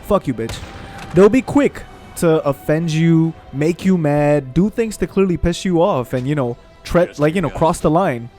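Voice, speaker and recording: A young man commenting on a video game while ranting in a profane, animated way, swearing freely. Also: fairly high pitch, unhurried, soft background music. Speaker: gaming streamer. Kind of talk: casual gameplay commentary rant.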